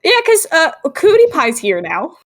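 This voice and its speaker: A woman co-hosting a casual cartoon recap, playful and prone to excited outbursts. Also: extremely high pitch, moderate pace, no echo, studio quality. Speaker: podcast co-host.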